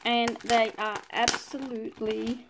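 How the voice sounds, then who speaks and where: A woman's voice: fairly high pitch, level tone, a little slow, noisy background. A woman with an Australian accent, chatting casually as she unboxes scrapbooking supplies, full of delighted exclamations. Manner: gushing, breathy exclamations of delight. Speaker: scrapbooking vlogger.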